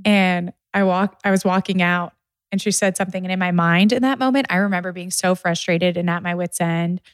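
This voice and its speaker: A woman's voice: on the low side, steady tone, brisk, no echo. A woman chatting casually about toddler tantrums, telling stories with frequent laughs. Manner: laughs often, tells stories animatedly. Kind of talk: casual chat.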